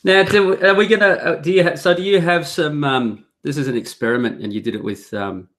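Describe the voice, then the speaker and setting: A man's voice: on the high side, brisk, a bit bright. A man co-hosting a podcast over an audio-only video call, wry and self-mocking. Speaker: podcast co-host. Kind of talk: casual chat.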